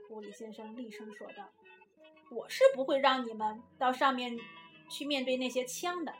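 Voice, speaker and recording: A woman, the child host's mother, reading a children's story aloud in a lively, expressive way. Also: fairly high pitch, normal speed. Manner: lively expressive reading, lifts her voice for the characters' lines. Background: faint guitar music.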